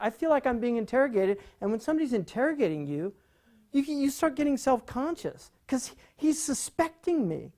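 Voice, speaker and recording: A man giving an animated, conversational lecture on poetry, full of rhetorical questions and "right?". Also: very high-pitched, normal speed.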